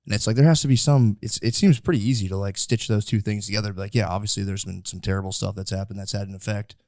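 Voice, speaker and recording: A man's voice: lowish voice, fairly even intonation, fast, darkish tone, dry recording, clean studio sound. A man in his thirties co-hosting a podcast in casual chat, rambling with many fillers and acting out quotes. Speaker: podcast co-host.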